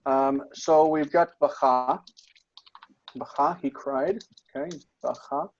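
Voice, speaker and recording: A man's voice: medium pitch, fairly even intonation, slow pace, lo-fi sound, slight background noise. A man tutoring Biblical Hebrew grammar, patient and explanatory, checking in often with his students. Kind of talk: online tutoring session.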